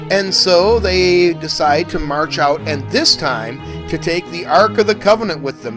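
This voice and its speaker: A professor narrating a lecture in an animated, folksy storytelling manner. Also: male voice, a little high.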